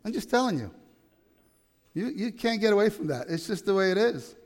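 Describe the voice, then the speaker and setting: A man's voice: high voice, big pitch swings, brisk, a little mellow, long reverb tail. A man preaching a sermon to his congregation, emphatic and often asking them questions. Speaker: pastor. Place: church.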